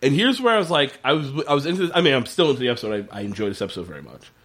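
A man's voice: medium pitch, very fast. Chatty man recapping a TV episode. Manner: animated, profane, lots of fillers. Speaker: podcast co-host. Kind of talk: casual chat recapping a TV episode.

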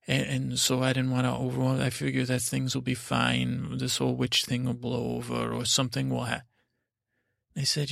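A man hosting a podcast, telling a meandering bedtime story in a halting way with many restarts. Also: mid-range voice, flat delivery, creaky, fairly bright tone, no room sound, clean studio sound. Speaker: podcast host. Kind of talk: rambling bedtime story narration.

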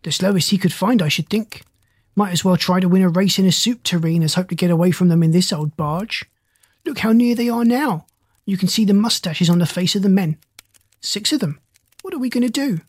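A single audiobook reader voicing a worried pig who complains, in a husky voice. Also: mid-range voice, level tone, fairly quick, no echo, natural voice. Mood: grumbling. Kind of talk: audiobook character voice.

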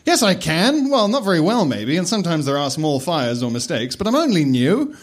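A high, whiny young wizard reject who keeps begging desperately, as a man puts him on. He sounds anxious and pushes his voice well up to plead. It is a comic storybook figure. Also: big pitch swings, brisk.

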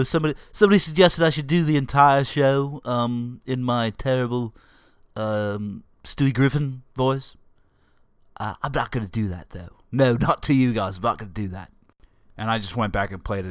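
A man with a sore throat, feeling under the weather, hosts his own podcast from a home office, rambling in a joking, self-mocking way. His medium-pitched voice sounds clean through a desk microphone, with a dry, studio-quality recording. It's a casual solo podcast monologue.

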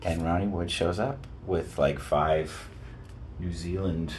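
An older man who sings in a rock band, telling a story to an interviewer in a relaxed chat and slipping into other people's voices. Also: deep voice, slow pace, slight background noise. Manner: animated, breaks into voices of people in his stories. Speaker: lead singer, interview guest. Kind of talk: casual storytelling.

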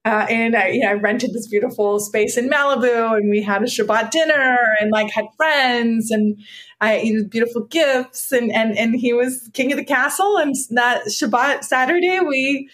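A woman's voice: a little high, normal speed, a bit bright. A woman psychotherapist telling personal stories in conversation, earnest and reflective, often restarting her sentences. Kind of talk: conversational storytelling.

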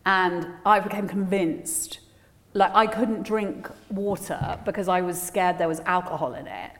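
A woman's voice: lowish voice, measured pace. Rambling, self-deprecating woman on stage. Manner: rambling, self-deprecating, animated storytelling with many fillers. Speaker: author guest. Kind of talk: candid conversation at a live festival event. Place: large venue with a live audience. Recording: long hall reverb at a live event.

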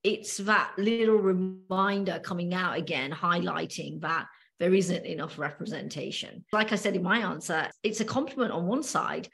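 A woman with a British accent and a lowish voice talks things through on a podcast. She tells her story in a measured, hesitant way, with plenty of ums along the way. She sounds middle-aged. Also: creaky, fairly bright tone. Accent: British English. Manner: thoughtful, hesitant storytelling with many fillers. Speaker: podcast co-host. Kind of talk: casual podcast discussion.

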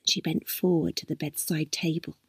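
A woman narrating a story aloud, unhurried and expressive. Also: sits low, breathy edge, dry recording, studio quality.

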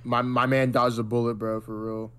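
A man's voice: mid-range voice, little pitch movement, moderate pace, fairly bright tone, slight background noise. An American man co-hosting a podcast, chatting casually and full of slang and filler words. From United States. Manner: slangy, says bro and freaking a lot. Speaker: podcast co-host. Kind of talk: casual chat.

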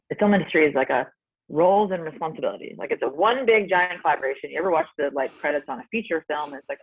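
A woman's voice: deep voice, husky, no room sound. A woman in her forties, a podcast guest, talking in a casual, earnest and reflective way with many filler words. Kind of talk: casual interview chat. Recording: dry, tinny phone-like line.

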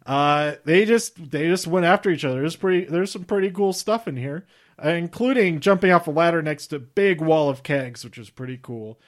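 A man's voice: fairly high pitch, normal speed. A young man hosting a casual solo podcast, rambling and chatty with lots of fillers and little laughs. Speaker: podcast host reviewing wrestling shows.

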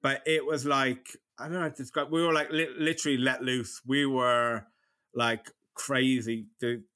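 Irish man with a lisp, bright voice. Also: mid-range voice, steady tone. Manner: fast, mumbling, laughs often. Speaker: podcast co-host. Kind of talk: casual chat.

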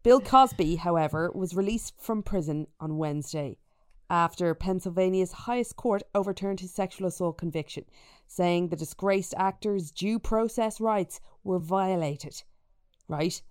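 A woman's voice: fairly low pitch, unhurried, clear, resonant tone, dry recording, clean studio sound. A woman hosting a podcast over a remote call from a rented holiday home, chatting casually and jokingly and laughing often. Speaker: podcast host. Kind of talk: casual chat.

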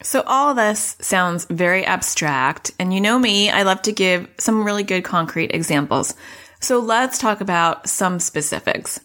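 A woman's voice: medium pitch, animated, measured pace. A middle-aged woman hosting a parenting podcast, explaining things in a chatty way and acting out what kids say. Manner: warm explaining, acts out child voices. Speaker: podcast host, parenting coach. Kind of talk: casual podcast teaching.

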